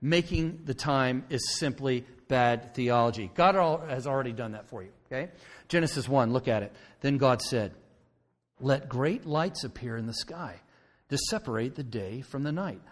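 A pastor gives an expressive, conversational sermon at an ordinary middle pitch, checking in with listeners by frequently asking "okay?" The church sanctuary gives his voice a long, lingering reverb.

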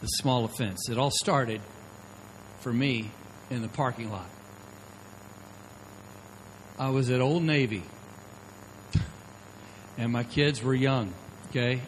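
Somewhat slow and pausing often, a middle-aged man with a mid-range voice preaches a sermon as pastor through conversational storytelling. He frequently checks in with "okay?", and the poor audio carries a little hiss or hum.

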